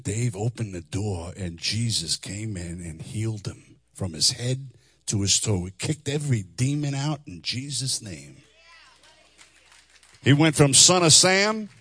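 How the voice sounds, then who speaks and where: Animated preacher man, dry sound. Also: on the low side, husky, no echo. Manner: animated, singing phrases, laughing asides. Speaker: chaplain and preacher. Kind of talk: testimony sermon with sung lines. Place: church hall before a congregation.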